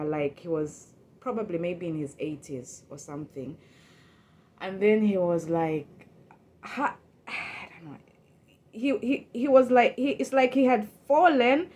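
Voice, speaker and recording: A woman's voice: mid-range voice, a little hiss or hum. A woman telling a personal story in a casual, emotional way. She often repeats words, restarts, and acts out her own past thoughts. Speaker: storyteller recounting a personal experience.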